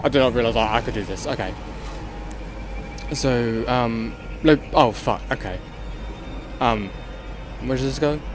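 A man's voice: medium pitch, measured pace, long pauses, background noise. A man hosting a gaming channel, giving let's play commentary in a frantic, swearing way and muttering to himself as he plays.

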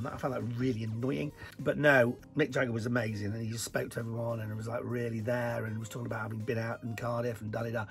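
Gravelly, chatty man from the north. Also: mid-range voice. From northern England. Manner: chatty, animated, jokey asides. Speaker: presenter answering viewer questions. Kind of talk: casual Q&A chat.

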